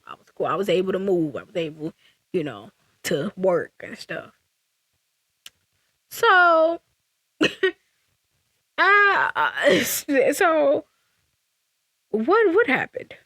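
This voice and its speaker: A young woman telling a casual storytime vlog, animated and sassy, with frequent restarts and laughter. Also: medium pitch, extremely slow, long pauses, no echo, clean studio sound. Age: young adult. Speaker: vlogger.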